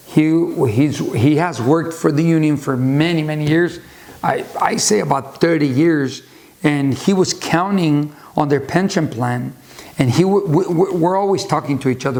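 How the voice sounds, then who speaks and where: A man's voice: fairly high pitch, vocal fry, darkish tone. A man hosting a video channel, talking casually and rambling through a book recommendation with many restarts and side stories. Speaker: YouTube host discussing a book. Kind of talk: casual unscripted talk.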